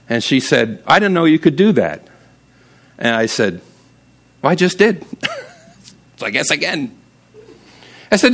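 A man preaching a sermon as pastor, casual and humorous, telling stories and often jumping up high for emphasis. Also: big pitch swings, measured pace, long pauses, a bit bright.

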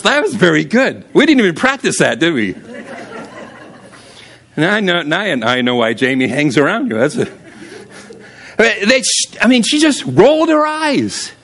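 Telling stories with easy humor, this pastor frequently leaps up high to drive a point home during his sermon. His voice is a bit bright.

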